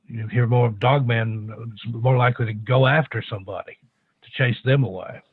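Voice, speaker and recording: Male radio guest over a tinny phone line, musing, halting. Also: medium pitch, fairly even intonation, breathy edge, no echo. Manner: thoughtful, hesitant, many restarts and fillers. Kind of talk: call-in radio interview.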